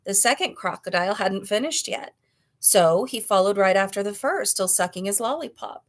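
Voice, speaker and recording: A woman reading a children's novel aloud, with clear, expressive storytelling. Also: medium pitch, normal speed. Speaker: storybook reader.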